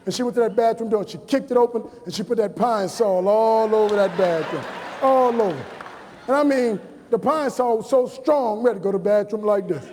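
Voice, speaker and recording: A man's voice: sits high, a little fast, darkish tone, a faint crowd, slight background noise. Man, forties, from New Orleans, motivational speaker, storytelling, emphatic repetition, long hall echo. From New Orleans, USA. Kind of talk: motivational speech to students. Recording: long reverb of a large hall.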